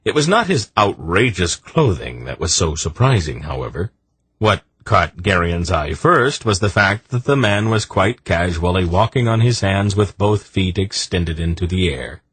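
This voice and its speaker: A man narrating an audiobook in a measured, expressive storytelling manner. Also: deep voice, husky, no echo.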